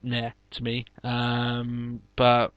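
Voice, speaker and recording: A man's voice: mid-range voice, completely flat delivery, extremely slow, clean tone, dry recording, muffled recording. A man co-hosting a casual wrestling podcast, talking loosely with lots of fillers and frequent laughter. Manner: chatty, laughs often, many fillers. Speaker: podcast co-host. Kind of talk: casual chat.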